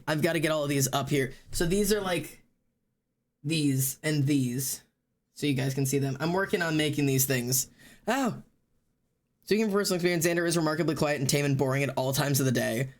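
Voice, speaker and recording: A streamer chatting casually and loudly to live viewers, rambling and poking fun at themself. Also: mid-range voice, moderate pace. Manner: loud, rambling and self-mocking. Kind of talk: casual livestream chat to viewers.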